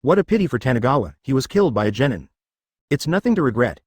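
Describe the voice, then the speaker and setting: A man's voice: medium pitch, very animated, quick pace, a little mellow, breathy edge, dry recording, clean studio sound. A man narrating a translated ninja fan-fiction story in a scripted, synthetic-sounding read.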